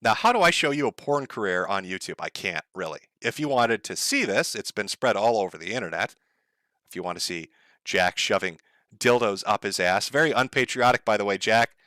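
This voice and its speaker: A man's voice: lowish voice, expressive, fairly quick, bright, forceful tone, no echo, studio quality. Sarcastic, profane male commentator. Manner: sarcastic, profane, laughs at his own jokes. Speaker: online commentator. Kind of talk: mocking commentary.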